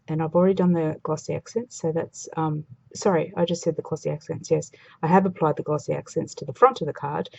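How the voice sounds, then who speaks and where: Woman, craft tutorial, low husky voice, dull lo-fi sound. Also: a little mellow. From Australia. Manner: chatty, thinking aloud while working. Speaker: craft demonstrator.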